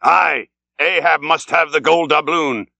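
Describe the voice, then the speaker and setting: A man's voice: mid-range voice, moderate pace, creaky, pushed and bright, no echo, lo-fi sound. A man reading the part of an obsessed old whaling captain, grim and weighty, swinging from bellowed orders to weary murmurs. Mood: commanding.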